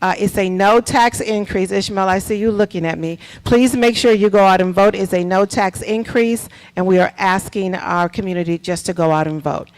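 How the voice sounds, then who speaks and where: School superintendent, board meeting announcements, emphatic, repetitive, quizzing audience, medium pitch, meeting table mic. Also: normal speed, few pauses, clean tone, rough recording. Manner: preacher-like, repeats key points, quizzes the audience.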